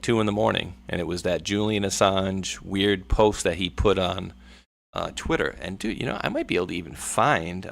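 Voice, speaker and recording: A man hosts a laid-back livestream conversation, telling stories and acting out quotes in other voices. His voice is very deep and gravelly with plenty of fry. He sounds chatty and relaxed. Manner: chatty, storytelling, acts out quotes. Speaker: show host. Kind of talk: casual livestream chat.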